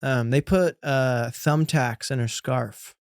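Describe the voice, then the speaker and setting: A man's voice: medium pitch, takes it slowly, clean tone, no room sound, clean studio sound. A young man hosting a podcast, telling school stories in casual chat with laughs and loose swearing. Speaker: podcast host.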